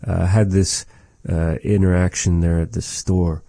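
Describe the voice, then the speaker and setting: A man teaching vocabulary in a language lesson, explaining words slowly and patiently and repeating each one after the recorded speakers. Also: sits low, little pitch movement, creaky, dark tone, no echo.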